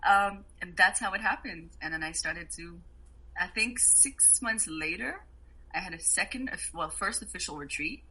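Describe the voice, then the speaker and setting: A woman guest on a podcast, telling travel stories in a casual, animated way and laughing often. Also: lowish voice, normal speed, slightly rough, low-quality recording. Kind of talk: casual storytelling.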